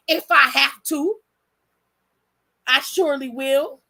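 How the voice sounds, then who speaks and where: A young woman hosting, telling a story in a blunt, profane and animated way. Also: high-pitched, measured pace. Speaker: host. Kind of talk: casual storytelling.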